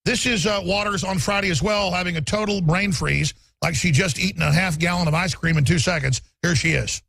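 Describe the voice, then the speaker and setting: Husky, gravelly male radio host. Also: high-pitched, fairly bright tone, dry recording. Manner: rapid, mocking, emphatic. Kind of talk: political commentary.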